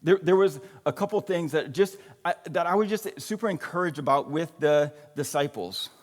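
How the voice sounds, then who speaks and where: A man's voice: a little high, expressive, moderate pace. A man preaching a sermon in a casual, conversational way, often checking in with "right?" and "like". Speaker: pastor. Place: church sanctuary. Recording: long reverb of a church hall.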